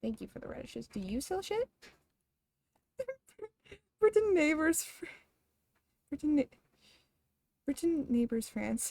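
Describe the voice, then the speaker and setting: Young woman streamer, high voice, dry close sound, rambling chatter with swearing. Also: lively intonation, measured pace, creaky, long pauses, a little mellow, no echo. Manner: rambling, laughs often, swears casually. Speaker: game streamer. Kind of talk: casual chat while gaming.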